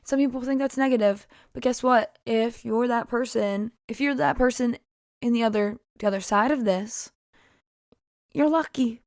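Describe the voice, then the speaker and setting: A woman's voice: fairly high pitch, normal speed, no room sound, studio quality. A woman musician chatting casually about her own song, rambling through tangents with frequent laughs and fillers. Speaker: singer-songwriter discussing her song. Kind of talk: casual podcast chat.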